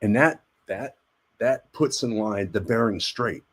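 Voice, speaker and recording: A man's voice: lowish voice, measured pace, fairly bright tone. A man, an army veteran and actor, telling rambling stories as a guest in a casual interview. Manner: rambling, repeats words, acts out quoted voices.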